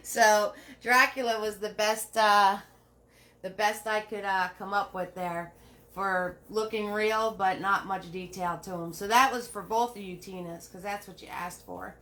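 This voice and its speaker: A woman leads a live painting lesson in a bright, forward voice. She talks her viewers through every step, repeating herself and checking in with "right?". Her pitch sits at an ordinary middle height. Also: steady tone, measured pace. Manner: chatty, greets viewers by name while painting; repeats steps, asks "right?" often. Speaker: painting instructor.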